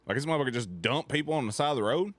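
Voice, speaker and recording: A man's voice: medium pitch, expressive, very fast, no room sound. A man streaming casual commentary as he reacts to videos, joking, swearing and laughing often.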